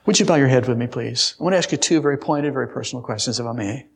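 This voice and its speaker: A man's voice: medium pitch, racing, vocal fry, slight background noise. An older man preaching an earnest sermon to his congregation, laying out numbered points and telling a story from his own childhood. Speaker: pastor.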